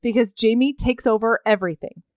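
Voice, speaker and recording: Animated woman recapping a story. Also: fairly high pitch, dry recording, clean studio sound. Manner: animated, acts out characters' lines in quick voices. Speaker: podcast co-host recapping a novel. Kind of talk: casual book-recap chat.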